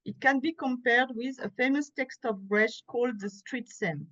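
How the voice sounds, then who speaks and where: A woman with a French accent, reading an academic paper aloud at a conference in a careful, measured way, pausing now and then to correct a slip. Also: a little high, fairly bright tone. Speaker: conference speaker. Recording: muffled, lo-fi conference audio.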